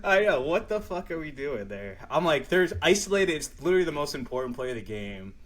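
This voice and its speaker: A man co-hosting a sports podcast, chatting casually and excitably, swearing and laughing often. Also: fairly high pitch, a little fast. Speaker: podcast co-host.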